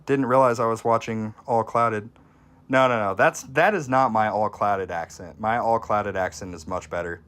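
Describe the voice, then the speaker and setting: A man streaming a game, giving casual gameplay commentary and chatting with viewers, with sudden excited reactions. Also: lowish voice, normal speed.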